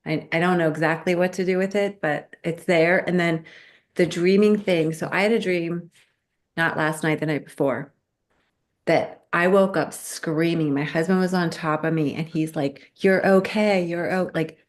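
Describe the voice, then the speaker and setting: A middle-aged woman in casual podcast chat, telling a story with animated storytelling and acting out quoted voices. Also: low voice, normal speed.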